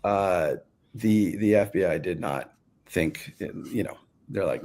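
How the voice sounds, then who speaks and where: A man's voice: deep voice, slow, a little mellow. A man answering interview questions in a casual, rambling way, full of fillers and restarts. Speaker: guest author.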